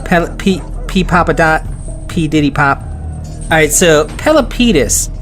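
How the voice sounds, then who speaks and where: A man's voice: fairly high pitch, lively intonation, measured pace, a bit bright, faint music behind. A man hosting a casual history podcast, chatty and joking, stumbling over hard names. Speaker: podcast host.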